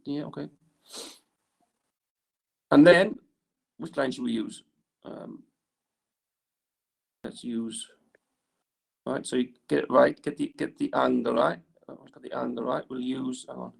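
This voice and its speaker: Gravelly-voiced male teacher at the board. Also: mid-range voice. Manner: talks while drawing on the board, lots of "right?" tag questions. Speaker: engineering teacher. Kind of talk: classroom lesson. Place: classroom.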